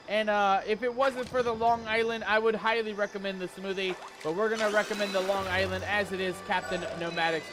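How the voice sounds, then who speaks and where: A man's voice: high-pitched, flat delivery, a little fast, few pauses, over music. A man streaming a cozy game, talking to his chat in a playful pirate-themed showman manner. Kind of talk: hyped live game stream commentary.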